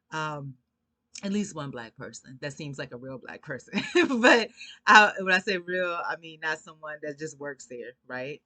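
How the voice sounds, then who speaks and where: Chatty woman vlogging a story, sharp bright voice, dead dry sound. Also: lowish voice, no echo. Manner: chatty, peppered with "you know", animated asides. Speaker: commentary vlogger. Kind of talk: casual storytelling commentary.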